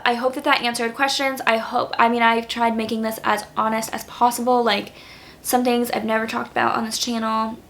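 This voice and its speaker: A woman in her twenties talks casually to her camera as a YouTuber, sincere and full of gratitude, using lots of "like." Her voice is a little high, creaky and fairly bright, and there's a faint hiss or hum.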